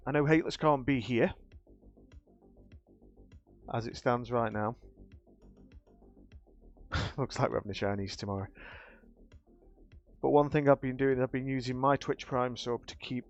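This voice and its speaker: A man chatting live to his stream viewers, emotional and grateful, often restarting his sentences. His voice sits at a middling pitch and comes through dull, lo-fi stream audio. Faint music plays behind him. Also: steady tone, unhurried, long pauses. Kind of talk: casual live-stream chat.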